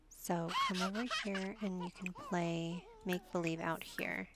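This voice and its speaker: Woman gameplay commentator, sassy and chatty, some vocal fry, recorded with audible noise. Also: fairly low pitch, steady tone, measured pace. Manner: chatty, bossing her game characters around with playful sass.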